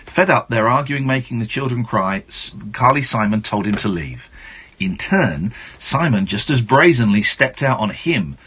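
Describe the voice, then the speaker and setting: With a husky, mid-range, fairly bright voice, this radio host is animated at normal speed as he reads a book aloud on his late-night show, stopping now and then for playful asides. He's in a radio studio on a studio microphone.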